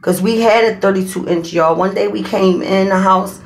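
A woman chatting casually to her viewers in a slangy, animated vlog. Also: mid-range voice, moderate pace. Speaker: vlogger. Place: indoors, windy surroundings audible.

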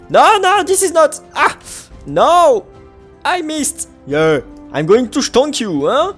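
A game channel host, giving playful let's-play commentary full of exclamations and silly sound effects. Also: mid-range voice.

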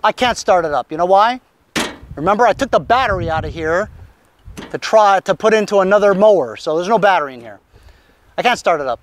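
A man's voice: sits high, lively intonation, brisk. Middle aged guy rambling on camera about his mowers, chatty, lots of ums, voice bounces up and down. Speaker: lawn mower reseller vlogger. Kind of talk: casual chat.

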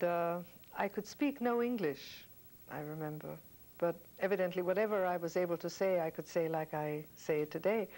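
An older woman with a somewhat low voice, from German-speaking Europe, recounts memories between songs. Her telling is wry and anecdotal. She chuckles at her own stories as she goes. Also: rough recording. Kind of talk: reminiscing storytelling.

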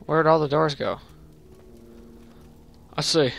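A young man chatting through a horror game, talking casually and yelling in panic at the scares. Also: on the high side, slow pace, gravelly, faint music behind. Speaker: gameplay commentator. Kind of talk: horror game let's play commentary.

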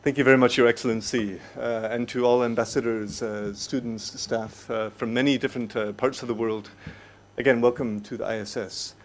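A man's voice: mid-range voice, fairly even intonation, moderate pace. A male lecturer moderating questions at a lecture, speaking hesitantly with many fillers but firmly keeping the time. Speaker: discussion moderator. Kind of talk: chairing a Q&A. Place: lecture hall.

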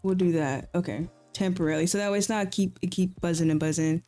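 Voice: medium pitch, steady tone, fast talker, music in the background. Laid-back chatty gaming streamer. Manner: laid-back, chatty, repeats slang phrases. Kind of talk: casual live-stream chat while gaming.

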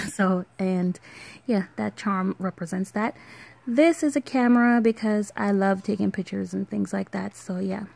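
Relaxed island-accented woman with gravelly edge. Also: medium pitch, a little slow. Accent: Caribbean. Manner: relaxed, rambling, with fillers and soft laughs. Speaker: vlogger. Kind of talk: casual show-and-tell vlog.

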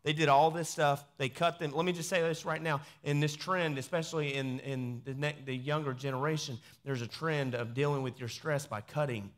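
A pastor reading scripture aloud in a sermon, breaking off into quieter conversational asides. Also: male voice, fairly high pitch, steady tone, normal speed, few pauses. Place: church sanctuary.

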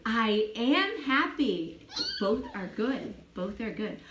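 A woman teaching young children an English lesson, speaking slowly and patiently and repeating each phrase for a child to copy. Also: a little high, very animated, background noise. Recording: echoey room.

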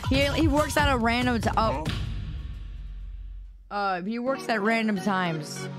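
A woman with a fairly high, slightly hoarse voice chats casually on a live stream. She scolds and teases her viewers, stumbling over and repeating her words. Clear music plays behind her. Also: expressive, unhurried. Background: background music.

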